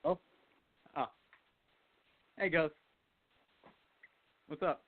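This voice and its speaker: A man from Michigan calling in to a radio show, asking a halting question. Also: fairly high pitch, fairly even intonation, dry recording. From Michigan, United States. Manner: hesitant, halting. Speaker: caller. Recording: dry tinny phone line.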